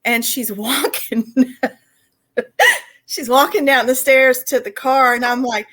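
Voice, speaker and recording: Bright Southern woman laughing through stories. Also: sits high, moderate pace. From Arkansas. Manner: laughs through her own stories, shouts when acting out scenes. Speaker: podcast co-host. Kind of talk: casual storytelling chat.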